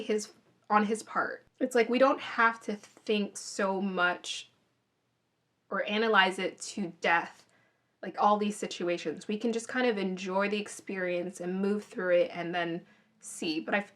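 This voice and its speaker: This reality TV reviewer has a mid-range, somewhat bright voice. Speaking into a phone, she shares her views on a show in a chatty, offhand way, often starting over as she thinks aloud.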